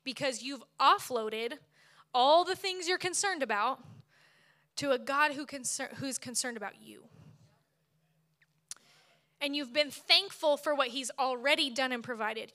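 A woman in her thirties giving a sermon at church, telling a personal story in an expressive way that often breaks into laughter. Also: high-pitched. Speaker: speaker at church.

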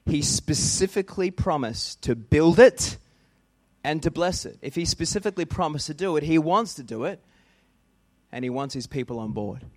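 Australian pastor preaching emphatically. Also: male voice, fairly high pitch, animated, moderate pace, darkish tone, no echo. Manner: emphatic, building lists for effect. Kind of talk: sermon.

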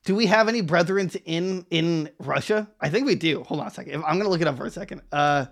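A man's voice: a little high, quick pace. A man co-hosting a podcast, chatting casually and rambling with many restarts and laughs. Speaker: podcast co-host.

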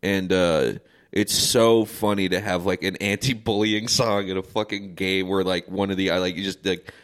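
A young man with a low voice chats with friends. He jumps in with excited stories and swears freely. His talk is loose and eager. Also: normal speed. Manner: excitable storyteller, swears casually. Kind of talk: casual group banter.

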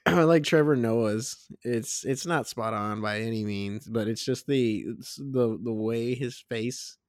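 A man's voice: mid-range voice, takes it slowly, no echo, clean studio sound. A young man co-hosting a casual podcast chat, amused and teasing, laughing often. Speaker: podcast co-host.

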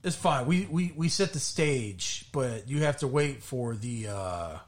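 A man's voice: mid-range voice, measured pace. Guy cohosting a chill home podcast, voice bounces up and down a lot. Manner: relaxed, conversational, wraps up the show. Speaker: podcast co-host. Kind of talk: casual chat.

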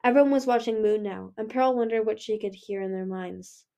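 A woman reading a novel aloud in a steady way, with small slips. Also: mid-range voice, brisk, gravelly. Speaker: reader. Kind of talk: audiobook reading.

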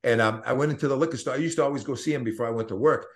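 A man's voice: mid-range voice, rapid-fire. A man in his fifties with a Boston accent, a guest telling his story in a casual interview in an earnest, motivational way, often restarting his sentences. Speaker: network marketing guest.

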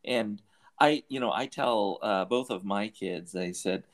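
In an unhurried voice on the low side, a middle-aged man from Southern California hosts a podcast interview, talking conversationally in a rambling manner with frequent restarts and fillers.

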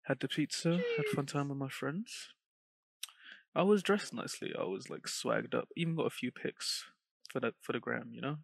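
A young man from England tells a story in loose, casual chat, acting out the voices of people he met. His voice is gravelly with a husky edge. The sound is dry and close. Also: mid-range voice, normal speed, no echo. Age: teens or young adult. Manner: animated storyteller, laughs often, acts out quotes.

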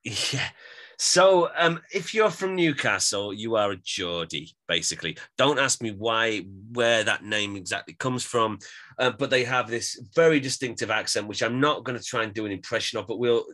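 A man talks in a casual podcast chat, explaining at length and often restarting his sentences. His voice sits fairly low but has a bright, forward edge to it. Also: lively intonation, moderate pace. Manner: chatty, explanatory, with many restarts. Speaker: podcast co-host.

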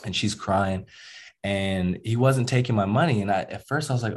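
Laid-back American man, lowish voice. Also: moderate pace. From United States. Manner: animated, acts out quotes with laid-back slang. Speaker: musician and rapper. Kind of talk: casual interview storytelling.

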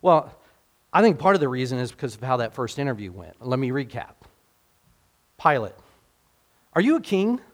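A man's voice: mid-range voice, lively intonation, fairly quick, pauses often. A man preaching a casual, conversational sermon, asking his listeners questions and acting out the people in the passage. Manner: casual, talks to the congregation directly with rhetorical questions; acts out quoted speakers in dialogue.

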